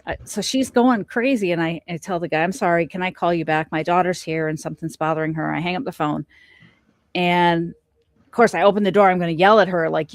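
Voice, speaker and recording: A middle-aged woman with a lowish voice is a guest on a podcast, recounting a personal encounter in a casual storytelling interview. She's an animated storyteller who acts out the lines she quotes. The recording is studio quality with no echo.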